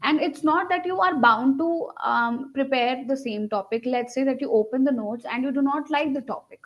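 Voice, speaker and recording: A woman's voice: sits high, normal speed, highs cut off. A young woman with an Indian English accent teaching an online English lesson, firmly correcting mistakes and explaining patiently. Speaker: English conversation trainer.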